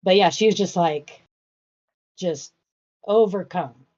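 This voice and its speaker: A woman's voice: on the low side, takes it slowly, a little mellow, highs cut off. A woman co-hosting a casual podcast, telling stories in a chatty way with plenty of fillers. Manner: chatty storyteller, many fillers. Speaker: podcast co-host. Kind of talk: casual chat.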